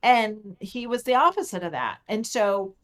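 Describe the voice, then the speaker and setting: A middle-aged woman speaks as a podcast guest, recounting her own experience in a lively, emphatic way. Her voice sits in a middle register, and she repeats key words to drive them home. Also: mid-range voice, normal speed. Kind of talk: personal storytelling in conversation.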